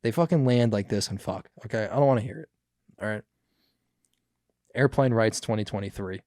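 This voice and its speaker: A man's voice: fairly low pitch, brisk, a little mellow, no echo, clean studio sound. A young man hosting a podcast, chatting casually about news clips, rambling and swearing with many fillers. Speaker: podcast host.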